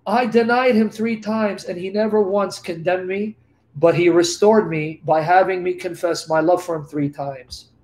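The apostle Peter, an awed, adoring older man, as a preacher speaks in his voice. His voice is high-pitched and fervent, and he stacks up short heartfelt lines for emphasis. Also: fairly even intonation, normal speed, darkish tone, lightly acted. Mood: awed, loving.

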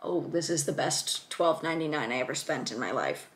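Young adult woman vlogger, low-ish voice, bubbly excited casual chatter full of gasps. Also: brisk. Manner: excited, gushing, lots of gasps and fillers. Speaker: student vlogger. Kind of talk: casual chat.

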